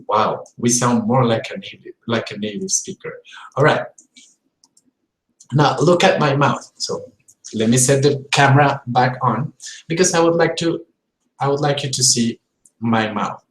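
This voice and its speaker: A man's voice: mid-range voice, measured pace. A male English teacher gives a live-streamed pronunciation lesson. He repeats sounds and words to demonstrate them and keeps checking in with his viewers. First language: Spanish. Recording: roomy echoey room.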